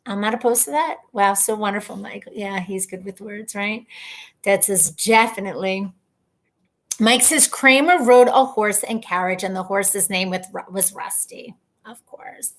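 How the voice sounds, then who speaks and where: A woman's voice: mid-range voice, measured pace. A woman in her thirties hosting a casual live stream from home, reading viewer comments aloud in a chatty, rambling way and laughing at herself. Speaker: livestream host.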